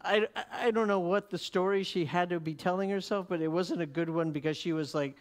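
A man preaching, telling a story in an animated way, laughing often and repeating words as he goes. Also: high voice, a little fast. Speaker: preacher teaching. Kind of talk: sermon storytelling.

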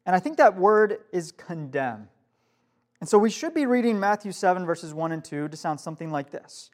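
High-voiced young man preaching to youth. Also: big pitch swings, moderate pace. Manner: casual, asks the room questions. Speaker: youth pastor. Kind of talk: youth group sermon. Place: youth group room with live audience.

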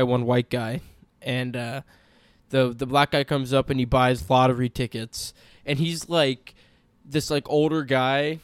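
A young man trading stories on a casual podcast, blunt and full of swearing. His voice is smooth and resonant. The sound is dry and close, with no room around it. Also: mid-range voice, dry recording. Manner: blunt, profane and emphatic. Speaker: podcast co-host. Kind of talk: casual chat.

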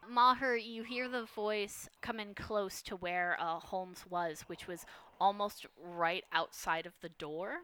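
A woman runs a tabletop game, narrating scenes at an easy, relaxed pace. She hesitates often with fillers, and her voice has a bright, clear ring. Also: medium pitch, slow. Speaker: game master.

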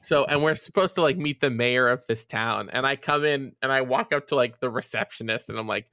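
A man's voice: mid-range voice, fairly quick, sharp tone, no echo, studio quality. A man co-hosting a podcast, telling a long rambling story full of fillers and casual swearing. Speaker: podcast co-host. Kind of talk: casual chat.

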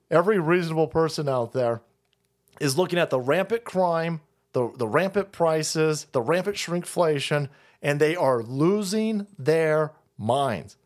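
A man hosting a stream, delivering a profane, sarcastic rant of political commentary. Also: on the high side. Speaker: streamer host.

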